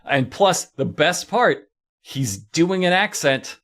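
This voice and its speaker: Comic male podcast co-host, slightly high voice, jokey and animated. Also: takes it slowly. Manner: animated, jokey, breaks into laughter. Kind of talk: casual comedic chat.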